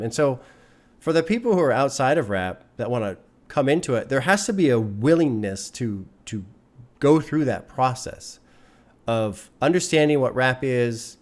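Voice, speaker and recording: A man who runs a music reaction channel, talking casually to his viewers in an earnest, rambling way and repeating phrases for emphasis. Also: mid-range voice. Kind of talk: casual talk to camera.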